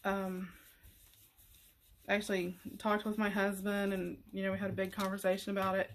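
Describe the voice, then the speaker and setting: A middle-aged woman hosting a craft tutorial, talking casually in a rambling, halting way with many fillers and restarts. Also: medium pitch, completely flat delivery, slight background noise. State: emotional, near tears.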